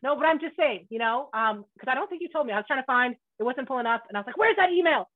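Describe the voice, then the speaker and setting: A woman with a Scottish accent hosting a casual interview, loud and brash, laughing and swearing freely. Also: fairly high pitch, very fast. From Scotland. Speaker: podcast host. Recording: tinny phone-like line.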